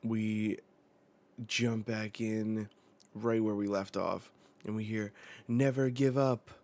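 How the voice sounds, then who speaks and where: A man hosting a casual live reaction while reading a manga chapter aloud. He talks in a relaxed, rambling way with many fillers. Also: fairly low pitch, slow pace.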